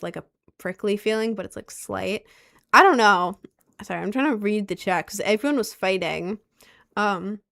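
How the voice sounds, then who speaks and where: A young woman from Maryland chatting casually on a live stream, gushing excitedly and reading the chat aloud. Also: mid-range voice. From Maryland, United States.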